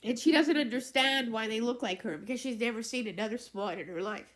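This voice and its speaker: A woman hosting her own vlog, telling a story casually in a halting way with restarts. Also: fairly high pitch, a bit bright. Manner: halting, with many fillers and restarts. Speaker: vlog host.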